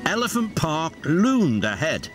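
A man with a British accent narrates a children's railway story in an expressive, sing-song voice. He takes his time, and his pitch rises and falls a great deal. Music plays steadily under the studio voice-over. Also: a little slow. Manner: expressive, does all the voices.

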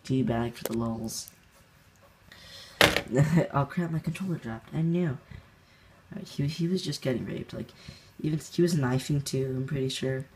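A man's voice: mid-range voice, unhurried, long pauses, a little mellow, slight background noise. A young man hosting a gaming channel, recounting a match in rambling casual commentary, laughing often and full of fillers and restarts.

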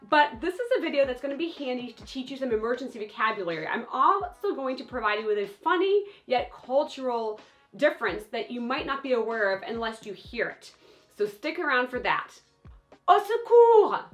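A woman teaching French, speaking lively and repeating words slowly for learners. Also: high voice. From France. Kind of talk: language lesson.

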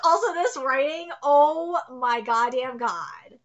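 A woman's voice: sits high, lively intonation, takes it slowly, bright, forceful tone, lo-fi sound. A woman hosting a live manga reaction, gushing and exclamatory and swearing freely as she comments.

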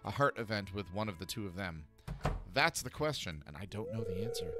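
A man's voice: on the low side, expressive, a little fast, music in the background. A man casually thinking aloud while playing a farming game. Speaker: game streamer. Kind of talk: let's play commentary.

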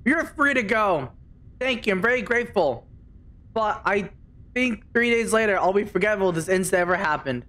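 A game streamer commentating a live play session, excitable, swearing and reading game dialogue aloud in mock voices. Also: medium pitch, moderate pace. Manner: excitable, swears, screams in panic.

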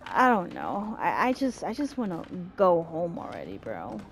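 A young woman hosting a horror game let's play, swearing constantly and shouting at enemies in panic. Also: on the low side, huge pitch swings, normal speed, noisy background. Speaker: gaming channel host.

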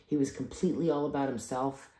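A woman's voice: extremely low pitch, fast talker, dark tone. A tired woman from the East Coast, rambling through a personal vlog with many restarts and asides. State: tired after travel. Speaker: vlogger. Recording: echoey room.

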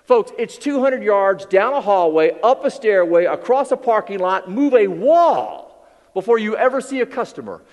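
Male motivational speaker, high animated voice, dramatic storyteller, heard with long hall reverb. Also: normal speed. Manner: theatrical storytelling, acts out quoted voices, drops low and quiet for emphasis. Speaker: keynote speaker. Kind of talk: motivational keynote speech. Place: large hall with audience.

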